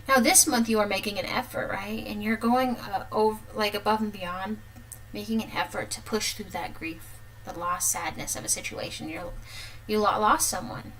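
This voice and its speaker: A woman's voice: medium pitch, moderate pace, fairly bright tone, poor audio. Casual woman in her thirties doing a tarot reading, talks loose and chatty, giggles a lot. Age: 30s. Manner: chatty, laughs often. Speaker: tarot reader.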